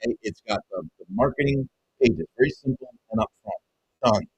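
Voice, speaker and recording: A man who runs a web design business, giving an excited, emphatic pitch to viewers and calling them folks over and over. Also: normal speed, creaky, husky, dry recording, rough recording. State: excited, half-yelling. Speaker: web design agency owner and coach. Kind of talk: energetic direct-to-camera pitch.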